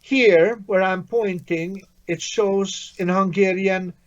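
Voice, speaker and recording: A man's voice: high voice, fairly even intonation, takes it slowly, muffled recording. A man teaching a language lesson online, patient and encouraging, praising his student often.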